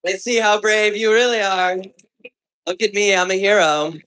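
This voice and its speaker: A man's voice: high voice, moderate pace, sharp tone, clean tone. A man on a comedy club stage performing a stand-up set, telling stories in a profane, exasperated way.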